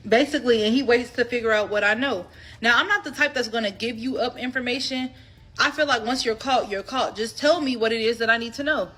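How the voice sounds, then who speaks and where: A woman in her twenties casually telling a personal story to her viewers, candid, animated and freely profane. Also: a little high, a little fast, soft background music. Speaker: storytime vlogger.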